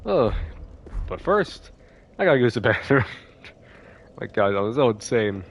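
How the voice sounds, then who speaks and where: A man's voice: mid-range voice, big pitch swings, a little slow. A man giving casual commentary as he plays a video game, chatty and thinking aloud as he reacts to the game. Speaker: let's play host.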